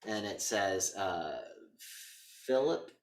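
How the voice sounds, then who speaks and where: A man co-hosting a podcast walks through a movie's plot in loose casual chat, jumping into quick impressions of the characters. His pitch swings widely as he talks. The sound is roomy, and the mic sits a little away from him. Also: gravelly. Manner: animated retelling with quick voice impressions. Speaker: podcast co-host. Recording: roomy echo, mic a bit distant.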